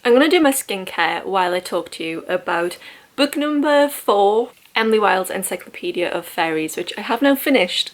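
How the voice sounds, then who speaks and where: A woman's voice: mid-range voice, lively intonation, moderate pace. Chatty woman reviewing books. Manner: chatty, self-deprecating, laughs often. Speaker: book vlogger. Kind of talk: casual book review chat.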